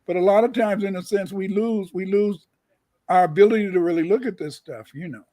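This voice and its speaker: This man, also notably high-voiced, lectures his way through a casual livestream discussion, repeating words whenever he restarts. His pace is a little fast and his tone warm, captured dry and close with no room echo.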